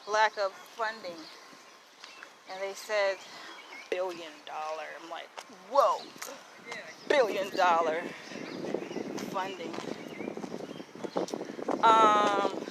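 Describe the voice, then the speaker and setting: A woman talking to her viewers while walking outdoors, chatty and blunt, calling them y'all. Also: on the high side. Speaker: vlogger. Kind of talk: casual walking vlog. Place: outdoors on a city walk. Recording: outdoor street noise.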